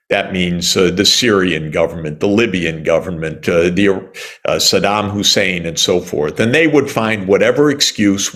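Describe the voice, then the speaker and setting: A man in his sixties from the United States, answering interview questions in an emphatic, indignant way with sarcastic asides and many pauses. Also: lowish voice, a bit bright. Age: 60s. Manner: frequent "uh" pauses and restarts. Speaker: economist interviewee.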